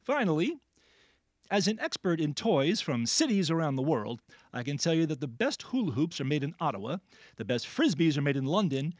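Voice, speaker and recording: Animated, jokey male quiz host. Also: fairly high pitch, fairly quick, no echo, studio quality. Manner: animated, jokey, laughs often. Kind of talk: playful radio word quiz.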